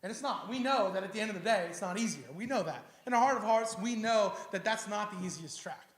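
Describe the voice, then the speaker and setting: A man delivers a sermon from a church stage in a casual, street-slang manner. His voice sits high for a man and stays animated. The room around him is echoey. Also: fast. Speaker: pastor. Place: church sanctuary.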